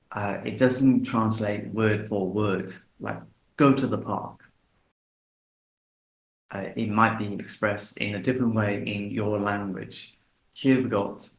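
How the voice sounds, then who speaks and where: Slow, deliberate male English teacher. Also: on the low side. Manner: slow, deliberate, repeats example phrases. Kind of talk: relaxed video lesson. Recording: echoey room.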